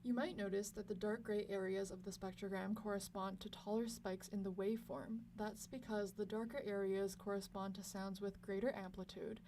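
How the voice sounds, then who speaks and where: Young woman, scripted lesson narration, measured and clear, mic slightly distant with faint hum. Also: mid-range voice, fairly even intonation, mellow. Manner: clear, measured explanatory delivery. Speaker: lab student presenter.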